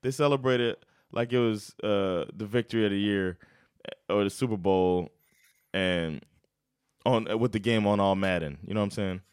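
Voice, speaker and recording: A man's voice: lowish voice, moderate pace, a little mellow, smooth, no echo, clean studio sound. A man co-hosting a casual sports podcast, laid-back, swearing and laughing a lot. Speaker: podcast co-host.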